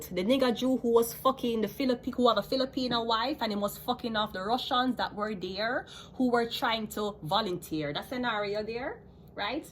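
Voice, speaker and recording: Here a Jamaican-accented woman with a fairly high voice rants passionately to her viewers at normal speed, full of profanity and flipping between patois and standard English. It's an unscripted vlog, and a little hiss or hum sits underneath.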